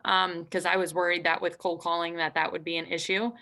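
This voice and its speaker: A woman with a gravelly, bright voice hosts a networking video call. She is friendly and teasing as she steers the questions. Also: on the low side, level tone, brisk. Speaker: meetup host.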